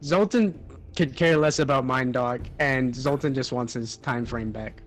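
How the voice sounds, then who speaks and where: A man's voice: mid-range voice, a little slow, music in the background. Blunt, joking man at a tabletop game. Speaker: player. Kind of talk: playing a tabletop game, casual chat.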